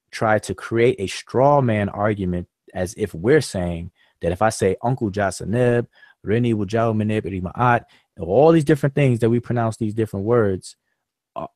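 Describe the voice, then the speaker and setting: Man, low voice, dry close sound, live-stream host, patient explainer, casual fillers. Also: warm tone, dry recording. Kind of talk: live-stream discussion lecture.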